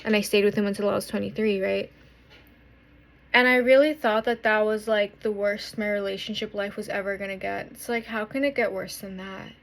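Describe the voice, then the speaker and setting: A woman in her twenties talking through a painful breakup in a confessional vlog, halting and swearing often, with many restarts. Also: medium pitch, steady tone, vocal fry. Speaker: vlogger.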